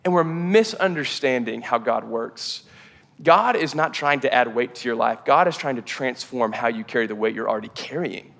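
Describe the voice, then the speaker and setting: A man preaching a sermon in a church hall, casual and energetic, with lots of "like" fillers. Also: medium pitch, normal speed, gravelly. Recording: long hall reverb.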